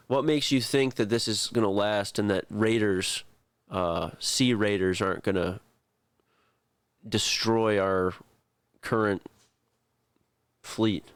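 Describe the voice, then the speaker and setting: A man's voice: fairly low pitch, slow pace, pauses often, clean tone, no room sound. A man voicing a pompous old noble general who blusters in indignation. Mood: indignant.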